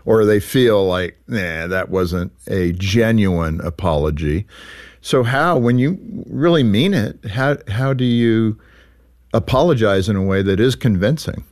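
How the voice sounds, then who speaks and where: A man's voice: fairly low pitch, a little mellow. A man hosting an interview, chatting casually and acting out little everyday scenes with a joking tone. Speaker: radio show host.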